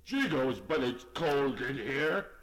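A man's voice: a little high, big pitch swings, a little slow, pitched above the performer's own voice, poor audio. A man voicing a kind horse speaking in a frozen, stuffy-headed voice, in a storybook reading. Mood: kindly. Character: kindly unemployed horse, chilled in a freezer.

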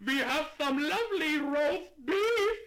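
A man's voice: very high-pitched, lively intonation, slow, pitched above the performer's own voice, exaggerated voice. A man doing a bellowing shopkeeper. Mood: shouting. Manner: shouting, bellowing. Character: loud excitable male delicatessen keeper.

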